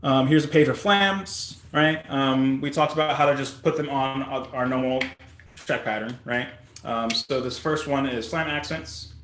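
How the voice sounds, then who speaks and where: A man teaching drumming in a casual, relaxed way, often asking "right?" as he explains patterns. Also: medium pitch, normal speed, roomy sound, a little hiss or hum. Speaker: drum instructor. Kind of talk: casual instructional talk.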